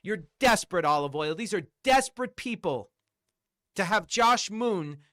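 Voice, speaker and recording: A man's voice: sits high, expressive, a little slow, fairly bright tone. A man on a livestream delivering an angry, profane rant full of repeated rhetorical questions. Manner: combative, repetitive, profane, hammering rhetorical questions.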